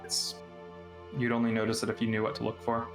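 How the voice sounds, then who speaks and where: A man's voice: medium pitch, over music. Easygoing man narrating as game master. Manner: relaxed storyteller, breaks into quick character voices and laughs.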